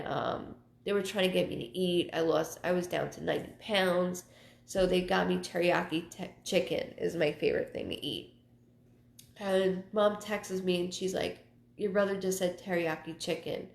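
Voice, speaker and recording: A woman psychic medium hosting her live show, chatting casually and telling personal stories in a halting way, often repeating words. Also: fairly low pitch, gravelly, darkish tone. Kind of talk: casual livestream talk. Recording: roomy echo.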